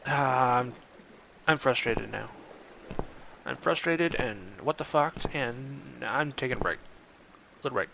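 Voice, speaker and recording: A man's voice: medium pitch, slow, vocal fry, pauses often, background noise. A man commenting on his gameplay, exasperated and swearing often. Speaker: let's play host.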